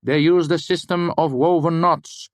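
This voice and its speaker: A man voicing an eccentric, playful male university master who is loud and dismissive, in an audiobook. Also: on the high side, steady tone, a little slow, dry recording, studio quality, pitched above the performer's own voice, lightly acted. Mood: amused.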